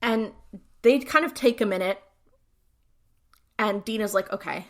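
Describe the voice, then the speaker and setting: A woman's voice: a little high, a little slow. A woman co-hosting a podcast, chatting casually and retelling scenes with lots of fillers. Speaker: podcast co-host. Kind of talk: casual recap chat.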